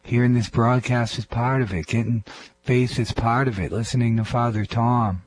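A man's voice: medium pitch, steady tone, moderate pace, breathy edge, low-quality recording. A man co-hosting a Christian radio show, earnestly restating and reflecting on the sermon. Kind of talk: radio ministry commentary.

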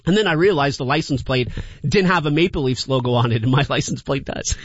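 A man's voice: mid-range voice, brisk, no room sound, muffled recording. A man hosting a call-in radio show, chatting in a rambling way and laughing often. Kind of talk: casual call-in radio chat.

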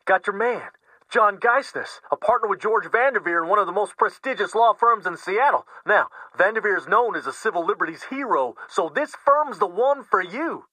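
A man's voice: high voice, lively intonation, normal speed, pushed and bright, no echo, voice pushed up, exaggerated voice, poor audio. An actor in a one-man stage play, playing an outspoken, indignant friend who curses when he is upset. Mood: eager. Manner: blustering, profane, indignant. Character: fiery outspoken middle-aged man, lawyer friend.

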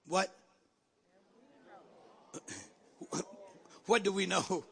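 A man preaching a sermon in a church, calling out to the congregation and rising to shouts. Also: high voice, slow pace, vocal fry, pauses often, husky. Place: church sanctuary.

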